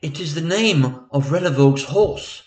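An actor playing a dim-witted lord in a comic radio play, speaking with a lilting delivery. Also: male voice, fairly high pitch, animated, measured pace, a little mellow. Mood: bemused. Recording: roomy echo, away from the mic.

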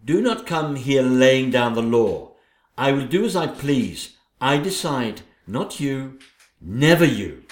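A man's voice: medium pitch, big pitch swings, roomy sound. A man voicing a vain, scheming wicked stepmother queen in a theatrical audio play. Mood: gloating, haughty. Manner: theatrical, gloating, drawn-out delivery.

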